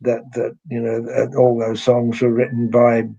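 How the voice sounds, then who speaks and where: A man being interviewed as a guest musician, talking in an unhurried, reflective way and often repeating words as he starts a thought. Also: medium pitch, monotone, dark tone, muffled recording. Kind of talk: casual interview conversation.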